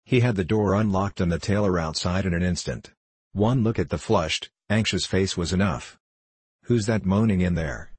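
A man narrating a novel aloud in a steady storytelling manner, slipping into rough voices for the characters. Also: sits low, moderate pace, dry recording.

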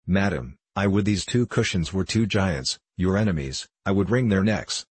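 An earnest king swept away by love, blurting out fervent declarations, as a man reads him. Deep, husky and dry. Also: lively intonation, normal speed, no echo. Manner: fervent outbursts. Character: lovestruck king of Ethiopia, impulsive and earnest.

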